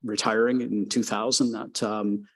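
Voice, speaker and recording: A man's voice: on the low side, unhurried. Man in his sixties telling racing anecdotes. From Canada. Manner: rambling, filler-heavy, lively when telling a story. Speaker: guest, former race car driver. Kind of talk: casual anecdotal storytelling.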